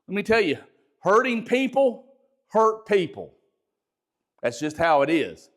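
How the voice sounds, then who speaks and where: A loud, emphatic middle-aged man, a bishop teaching a ministry training session in a lecture style. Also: sits high, very animated, measured pace. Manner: loud, emphatic natural speaking voice.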